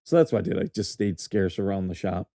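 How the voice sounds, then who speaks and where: A man's voice: low voice, fairly quick, warm tone, dry recording, clean studio sound. A middle-aged man hosting a podcast, telling rambling, profane stories and laughing through them. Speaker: podcast host, former military officer. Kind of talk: casual storytelling chat.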